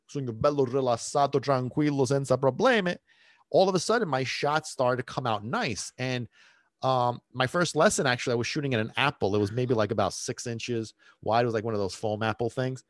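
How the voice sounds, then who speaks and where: A man's voice: medium pitch, no echo, studio quality. A man, a dog trainer, casually telling a rambling personal story with many restarts and fillers.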